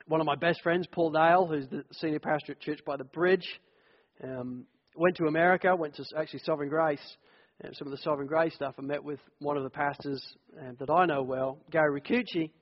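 High-voiced pastor in echoey hall. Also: male voice, fairly quick. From United Kingdom. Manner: conversational, animated storyteller. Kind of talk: sermon teaching with personal stories. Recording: echoey hall, dull lo-fi sound.

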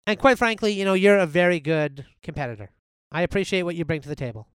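Fast, high-voiced man in improv comedy. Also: animated, smooth, no room sound. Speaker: comedy show host.

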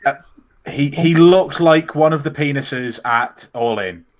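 A man's voice: a little high, unhurried. A man on a casual wrestling podcast, cheekily needling his co-hosts. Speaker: podcast co-host.

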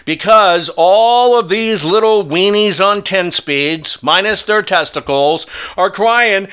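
A man's voice: high voice, slow pace, few pauses, bright, forceful tone, clean tone. A male talk show host delivering a combative, sneering monologue.

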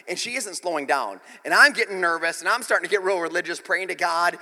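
Man, pastor, sermon, high bright voice, chatty self-mocking storyteller, long hall reverb. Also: expressive, fairly quick, hardly any pauses.

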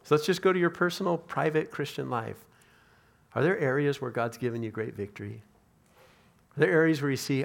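A man's voice: mid-range voice, brisk, vocal fry, pauses often. A man preaching a sermon as a pastor, conversational, with restarts and voiced prayers of his hearers.

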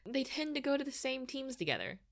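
A woman's voice: sits high, very animated, fairly quick, creaky. A woman co-hosting a soccer podcast, talking through rosters in a casual, analytical way with dry teasing asides. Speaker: podcast co-host.

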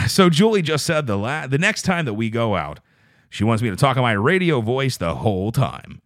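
Talking at a moderate pace with big pitch swings, this podcast host hams up a radio-announcer style on his solo show, chatting with live viewers and stammering as he restarts and rambles. The audio is studio quality with no room sound.

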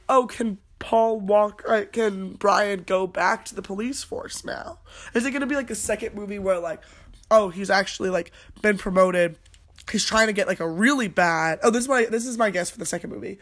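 A woman's voice: mid-range voice, moderate pace. A woman co-hosting a podcast, talking casually about a movie in a rambling way, full of "like" and laughter. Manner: rambling, lots of fillers like "like", giggly. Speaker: podcast co-host.

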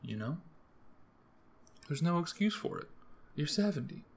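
A young man from the US East Coast hosting a podcast alone, rambling through profane, jokey rants with sudden jumps in pitch. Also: big pitch swings, a little slow. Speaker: podcast host. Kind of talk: casual solo rambling monologue.

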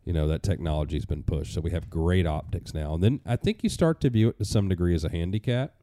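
A man hosting a casual podcast conversation, relaxed and chatty, with casual cursing. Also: low-pitched, quick pace, no room sound.

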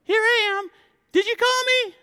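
A man voicing the young boy Samuel in a high falsetto, eager and obedient, in an echoey church hall. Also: steady tone, measured pace, bright, forceful tone, full character voice.

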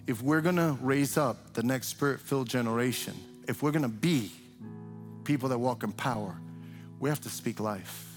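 An older man preaching a sermon in a loose, conversational way, who breaks into shrill mimicry when imitating cheering parents. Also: moderate pace, faint music behind. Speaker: pastor. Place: church sanctuary.

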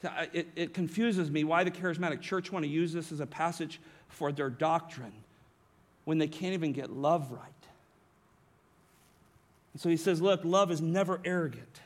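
Higher-voiced man preaching emphatically. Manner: emphatic preaching with frequent rhetorical "right?"; varies pace and volume, slowing on key phrases. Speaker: pastor. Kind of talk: sermon. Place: church sanctuary.

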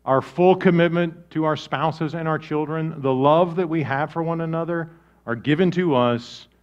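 A man preaching a sermon as pastor, conversational and animated, swinging between loud bursts and soft, low asides. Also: muffled recording.

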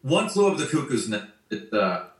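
A man's voice: mid-range voice, big pitch swings, a little fast. A man ranting bluntly and profanely in a casual video-call conversation. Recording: roomy sound, distant from mic.

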